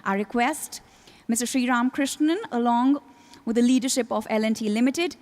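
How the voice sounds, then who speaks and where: Woman emcee, high voice, formal ceremony hosting, polished announcing. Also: steady tone, moderate pace, a little mellow. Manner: polished, announcing names with rising emphasis. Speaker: event emcee.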